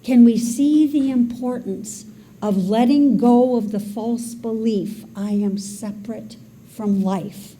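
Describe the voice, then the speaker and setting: Slow, mellow-voiced woman minister. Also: fairly high pitch, a little hiss or hum. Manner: dramatic, expressive delivery; leads the congregation in call and response. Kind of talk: sermon.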